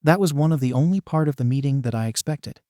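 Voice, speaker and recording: A shrewd, amused animal principal, as a man reads him out in a fan fiction story. The voice sits at a middling pitch, and the sound is dry and close. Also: expressive, fast talker, warm tone, dry recording, lightly acted. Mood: knowing.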